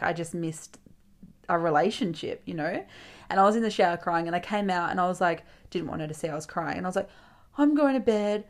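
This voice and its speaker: A young woman, hosting a casual solo podcast. She tells a personal story in a chatty way, swears freely and acts out her friends' lines. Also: on the low side. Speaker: podcast host.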